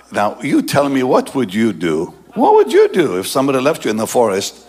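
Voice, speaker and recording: A male pastor telling a story in a sermon, animated and often laughing, and dropping low and soft for the serious parts. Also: a little fast, a little hiss or hum.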